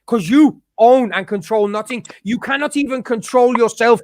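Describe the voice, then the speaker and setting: A man's voice: very high-pitched, normal speed, few pauses, no room sound, clean studio sound. A man ranting angrily on a live stream, swearing hard and stumbling over repeated words as he talks. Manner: angry, profane, stammering with many restarts. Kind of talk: heated rant on a live stream.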